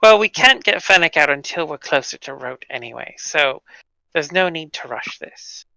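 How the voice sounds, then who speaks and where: A woman playing a tabletop game, asking quick, eager questions. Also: low-pitched, animated, gravelly, bright, forceful tone, dry recording, poor audio. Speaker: player.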